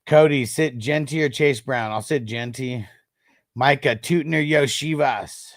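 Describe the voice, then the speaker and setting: A man's voice: medium pitch, a little slow, dry recording, studio quality. A man in his thirties hosting a fantasy football livestream, chatting casually with viewers in a laid-back, slangy way, with frequent swearing and laughter.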